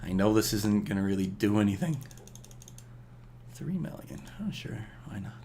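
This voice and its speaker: A man's voice: lowish voice, animated, moderate pace, dark tone, slight background noise. A man giving casual gameplay commentary, rambling and scolding himself aloud with chuckles.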